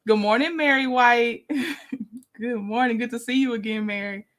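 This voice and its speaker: Woman doing a laid-back livestream, kinda high voice, laughs a lot, says hi to everybody in chat. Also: steady tone, moderate pace, fairly bright tone. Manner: chatty, laughs often, greets viewers by name. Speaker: livestream host. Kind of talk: casual livestream commentary.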